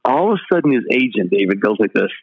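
A man's voice: fairly low pitch, animated, fast talker, husky, narrow, tinny audio. An older man, a pastor, telling stories as an interview guest and animatedly acting out the dialogue.

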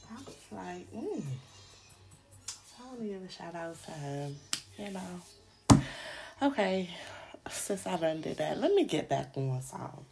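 Low, slow-talking woman with a gravelly voice. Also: sing-song, poor audio. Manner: laughs often, talks to listeners as y'all. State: sore throat. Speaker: podcast host. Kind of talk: casual solo podcast commentary.

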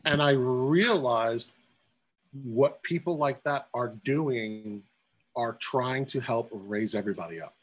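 A man's voice: medium pitch, slow pace, low-quality recording. A man, a guest in a casual chat, telling stories and acting out the voices of people in them. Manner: excitable storyteller, acts out quotes. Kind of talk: casual storytelling.

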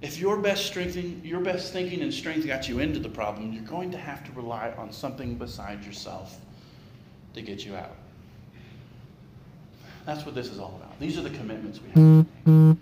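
A man's voice: medium pitch, animated, normal speed, over music. A male pastor giving a conversational sermon, tossing in jokes and rhetorical questions. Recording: echoey room with clear background noise.

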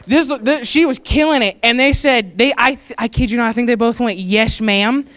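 A young woman with a smooth, clear voice speaks at a church service. She rambles warmly, laughing often and fighting back tears as she pays tribute. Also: fairly high pitch, a little fast. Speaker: church staff speaker honoring graduates. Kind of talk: heartfelt tribute speech.

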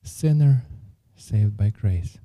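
A man's voice: lowish voice, lively intonation, takes it slowly, mellow. A man preaching a sermon and telling a personal story, speaking earnestly and often repeating words as he restarts his phrases.

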